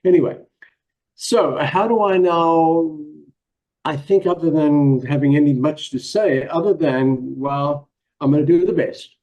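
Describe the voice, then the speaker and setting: A man with a South African accent talks through a casual presentation, modest and halting, often filling pauses with ums. His voice sits a little high and sounds mellow. The audio is dull and lo-fi, like a call. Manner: modest, hesitant, with many ums and small laughs. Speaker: guest presenter.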